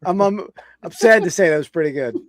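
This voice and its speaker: A man's voice: high voice, expressive, fairly quick. A man co-hosting a casual card-opening chat, jokey and a little bashful. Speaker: co-host.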